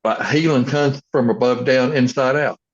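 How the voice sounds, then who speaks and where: A man's voice: mid-range voice, steady tone, moderate pace. Earnest, firm-spoken man with a dull sound. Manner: earnest, firm, speaks in short affirming phrases. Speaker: chiropractor, podcast co-host. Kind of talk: casual chat.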